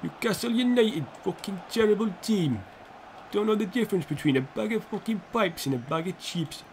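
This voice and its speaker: A man voicing a loud, mocking Newcastle football fan, sweary and brash. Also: high voice, animated, moderate pace, slight background noise, voice pushed up. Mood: jeering.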